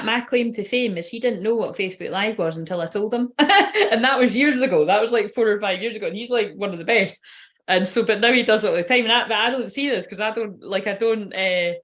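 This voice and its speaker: A woman's voice: mid-range voice, fast talker, fairly bright tone. Chatty woman doing readings. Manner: chatty, rambling, swears casually. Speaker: tarot reader and medium. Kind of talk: casual live-stream reading.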